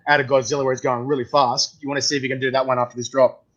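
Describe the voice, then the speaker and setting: An Australian man hosting a casual chat; he talks in an excitable, chatty way and swears freely. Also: mid-range voice, racing. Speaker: host. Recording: dull lo-fi audio.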